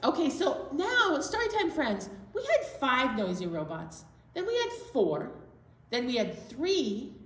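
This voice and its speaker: High, lively woman reading a storytime tale. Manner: sing-song, drawn-out storytelling with playful asides. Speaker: children's storytime host. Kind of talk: reading a counting story to young children. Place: library room. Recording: echoey room.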